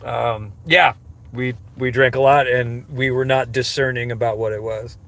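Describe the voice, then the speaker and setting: A man's voice: mid-range voice, fairly even intonation, moderate pace, vocal fry, a bit bright. A man chatting on a casual live stream, rambling and self-mocking, with lots of fillers and restarts. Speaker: livestreamer answering chat questions.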